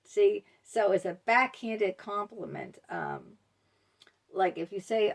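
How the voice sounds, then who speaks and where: A woman's voice: medium pitch, huge pitch swings, slow. A woman vlogger talking casually to camera, rambling with many ums and you-knows.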